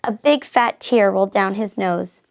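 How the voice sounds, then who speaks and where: A woman reading a children's picture book aloud in an expressive, lively storytelling manner. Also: mid-range voice, a little slow, gravelly. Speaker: reader.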